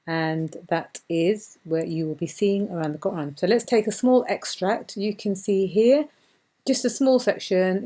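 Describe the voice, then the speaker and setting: A woman gives a beginner reading lesson in a mellow, warm voice. She explains each point patiently and repeats words slowly so learners can follow. Her voice sits a little low. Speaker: Quran reading teacher.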